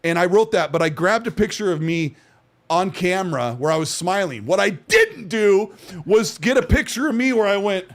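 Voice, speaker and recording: Brief: man podcast host, slightly higher voice, defensive, keeps restarting lines. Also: animated, moderate pace. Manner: defensive, restarting and talking over. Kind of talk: casual podcast banter.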